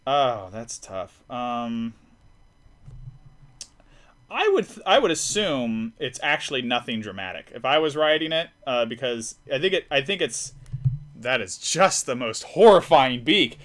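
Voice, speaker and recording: Lively, bright-voiced man streaming casually. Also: mid-range voice, a little slow. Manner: rambling, self-deprecating, many restarts. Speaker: live stream host. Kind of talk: casual chat while drawing.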